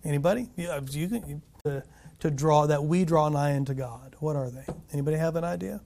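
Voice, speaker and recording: Male pastor, earnest and animated, slightly raised natural pitch, teaches by asking the congregation questions. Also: brisk, gravelly, slight background noise. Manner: earnest and animated, frequent restarts, asks the room questions.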